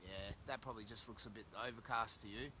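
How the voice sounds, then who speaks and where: A man's voice: lowish voice, fairly even intonation, fast talker, noisy background. An Australian man chatting casually on a livestream, reading out viewer comments while walking by a road. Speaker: livestreamer on a long charity walk. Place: outdoors by a road, windy. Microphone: phone held while walking.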